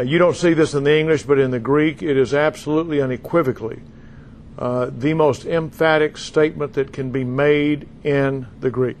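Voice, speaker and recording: A man's voice: a little high, slight background noise. Emphatic preacher, older man. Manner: folksy, emphatic, calls out to the congregation. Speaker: pastor and teacher. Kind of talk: sermon teaching.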